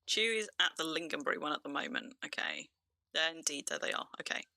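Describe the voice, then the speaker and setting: In a dry recording, a very animated streamer from England talks fast over his gameplay, his medium-pitched voice gravelly, pushed and bright, his accent near-RP southern English. He laughs a lot and often restarts sentences in this casual live-stream commentary.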